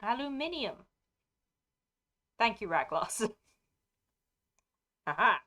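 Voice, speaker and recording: A woman's voice: mid-range voice, animated, unhurried, fairly bright tone. Rambling English streamer woman. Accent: British, received pronunciation. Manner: scattered, rambling, self-interrupting, laughing often. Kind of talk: casual chat with live viewers.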